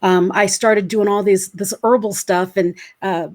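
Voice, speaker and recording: A woman's voice: medium pitch, fairly even intonation, unhurried. A woman in her forties, a motivational speaker, telling her personal story in an interview with earnest emotion. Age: 40s. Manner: earnest, emotional, acts out her own past words.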